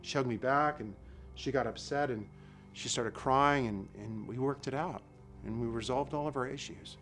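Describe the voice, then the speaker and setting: A middle-aged man preaching a sermon in a relaxed, conversational way, telling stories with asides and repeated phrases. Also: mid-range voice, normal speed, soft background music. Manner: conversational, storytelling with asides and repetitions. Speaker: lay preacher.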